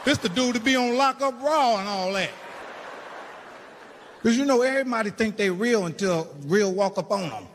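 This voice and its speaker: A man doing stand-up comedy, telling a story in an animated, profane way and acting out the people in it. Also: sits high, moderate pace, slight background noise. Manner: animated, profane, acts out the people in his stories. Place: stage in a large venue with a live audience. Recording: live hall reverb and a loud laughing crowd.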